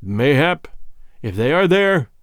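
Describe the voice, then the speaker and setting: A man voicing a stern, commanding king in an audiobook, with measured, grave pronouncements. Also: fairly high pitch, big pitch swings, fairly bright tone, no echo, studio quality, full character voice. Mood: solemn. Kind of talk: audiobook character voice.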